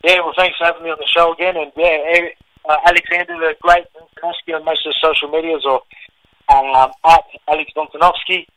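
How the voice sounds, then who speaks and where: A man's voice: on the high side, flat delivery, quick pace, bright, forceful tone, no echo, low-quality recording. A young Australian man, a fighter guest, chatting in a laid-back way and laughing easily during a casual phone interview.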